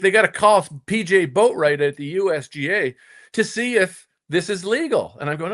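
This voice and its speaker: An older man spins a long story from his playing days, his pitch jumping up and down as he acts out what he told himself. He stumbles into restarts, repeating "and, and" before surging forward again. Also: expressive, normal speed. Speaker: guest, former tour golfer. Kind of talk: storytelling in casual conversation.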